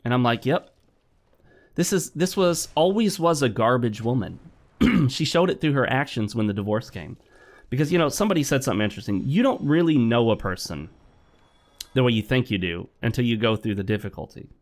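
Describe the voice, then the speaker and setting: A man's voice: mid-range voice, animated, quick pace. A middle-aged man giving blunt, opinionated commentary while playing a game, lecturing and repeating himself. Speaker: gaming commentator. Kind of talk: opinionated commentary over gameplay.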